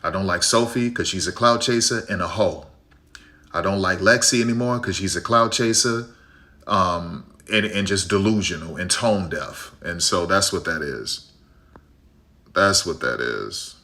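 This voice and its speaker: Streaming a basketball game, a Chicago man rants bluntly and opinionatedly through live game-watch commentary, habitually tacking on "right?". His voice is low-pitched with a sharp tone, and he talks at a moderate pace.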